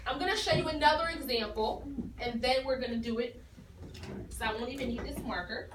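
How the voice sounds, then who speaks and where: A woman's voice: sits high, fairly quick. A woman teacher giving a phonics lesson to a class, explaining patiently and encouragingly. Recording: echoey room from far off with noise.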